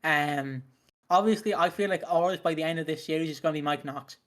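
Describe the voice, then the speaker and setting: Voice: medium pitch, fairly quick. A podcast co-host chatting about wrestling, rambling and laughing, with many restarts. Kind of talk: casual wrestling review chat.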